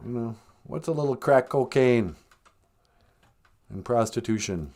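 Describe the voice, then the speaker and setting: A man's voice: mid-range voice, animated, normal speed, pauses often, darkish tone. A man hosting a comedic podcast, joking sardonically and laughing at his own jokes. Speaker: podcast host.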